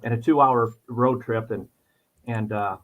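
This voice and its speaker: A middle-aged man talks on and on as a podcast guest, circling back and restarting his thoughts. His voice sits at an ordinary pitch for a man. The recording sounds muffled and lo-fi. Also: fairly even intonation, unhurried. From New York. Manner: talkative, rambling, restarts a lot. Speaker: insurance agent, podcast guest. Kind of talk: casual interview chat. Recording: dull lo-fi sound.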